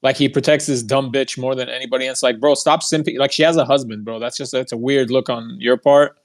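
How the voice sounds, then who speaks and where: A man's voice: medium pitch, steady tone, fairly quick. A young man telling a heated, profane story in a casual monologue, mocking the people he quotes. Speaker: podcast host.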